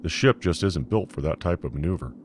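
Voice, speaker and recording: Sci-fi audiobook: man playing a worried, respectful second-in-command, deep-voiced. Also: lively intonation, fairly quick, slight background noise. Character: dutiful male starship commander, second-in-command.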